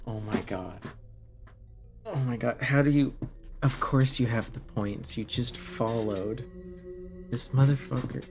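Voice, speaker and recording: A man's voice: mid-range voice, measured pace, long pauses, over music. A man in his twenties from Canada, chatting casually with his live-stream viewers and answering their questions with lots of fillers and restarts.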